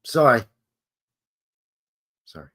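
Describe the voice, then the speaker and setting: A man's voice: takes it slowly, pushed and bright. Rambling chatty male livestream host. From Canada. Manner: rambling, chatty, self-questioning. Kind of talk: casual chat with live viewers.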